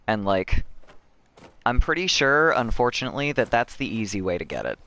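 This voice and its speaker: A man's voice: on the low side, sing-song, moderate pace, sharp tone. A young American man streaming a game, chatting with viewers and swearing in frustration. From United States. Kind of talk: casual gameplay commentary.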